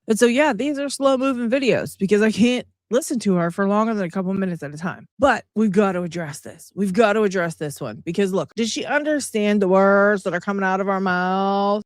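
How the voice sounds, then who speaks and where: A woman talks straight to her viewers, exasperated and sarcastic as she reacts to clips. Her voice sits in an ordinary middle range. The sound is dry and close, with no room echo. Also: medium pitch. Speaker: commentary channel host. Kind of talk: reaction commentary.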